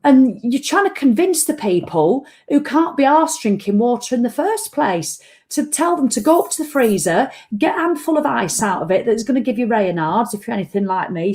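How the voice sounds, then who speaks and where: A woman's voice: on the high side, mellow. Blunt woman ranting. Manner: blunt, ranting, swears freely. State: tired after a run. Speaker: vlog host. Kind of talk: casual live-stream chat.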